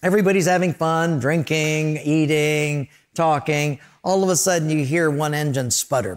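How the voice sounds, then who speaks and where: The pastor here speaks a little high, at normal speed and with few pauses. His sermon leans on storytelling, complete with acted-out voices and sound effects.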